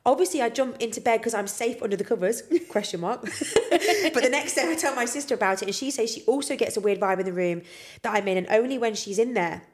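A woman's voice: on the high side, quick pace, few pauses. A young woman co-hosting a podcast, reading out listener ghost stories with lots of feeling and frequent swearing and laughter. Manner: expressive, swears freely, laughs often. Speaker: podcast co-host.

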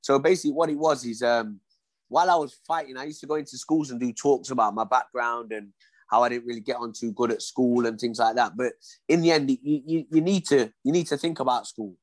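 A man's voice: medium pitch, brisk, dry recording. A man, a former boxer telling his story in an interview, acting out dialogue and often saying "you know what I mean".

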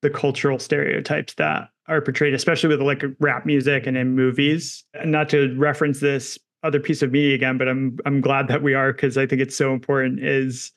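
A man co-hosting a film podcast, calmly breaking down camera work and themes of a movie. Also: medium pitch, fairly quick, hardly any pauses. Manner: analytical, talks through film technique. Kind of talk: casual film discussion.

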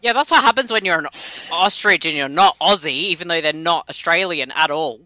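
Bright, playful woman podcast co-host. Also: on the low side, brisk. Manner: laughs often, playful banter. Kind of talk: casual movie commentary chat.

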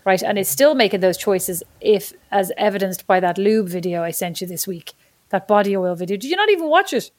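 A woman in her forties co-hosts a podcast in loose, casual chat. She rambles from thought to thought and plays at being indignant. Her voice is an ordinary middle pitch. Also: animated, a little fast, a little mellow. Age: 40s. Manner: chatty, rambling, mock-indignant. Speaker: podcast co-host.

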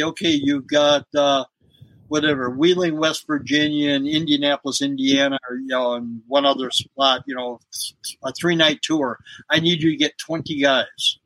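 A man's voice: fairly high pitch, fairly even intonation, normal speed, bright, forceful tone, no room sound, rough recording. A middle-aged man, a former wrestler, telling road stories in a casual interview and laughing often. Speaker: guest, former pro wrestler.

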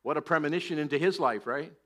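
A man's voice: on the high side, fast talker, a bit bright. A middle-aged man preaching a sermon, animatedly acting out scripture voices. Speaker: pastor.

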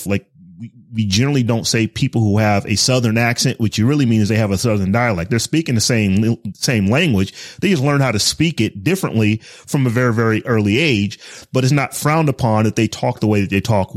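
A man's voice: fairly low pitch, dry recording, clean studio sound. A man hosting a tech podcast, explaining his points steadily and building them up step by step. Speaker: podcast host. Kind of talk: casual tech discussion.

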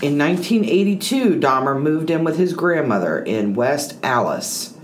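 A woman's voice: low voice, expressive, normal speed, background noise. A woman co-hosting a podcast, reading case notes aloud with dry, sarcastic asides.

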